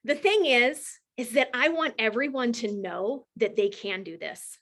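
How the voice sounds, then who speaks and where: A woman, a team leader telling an audience her story in a heartfelt, animated way. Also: fairly high pitch, measured pace. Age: 40s. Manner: warm, emotional, animated storyteller. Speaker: team leader speaking to a group. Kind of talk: heartfelt casual talk to an audience.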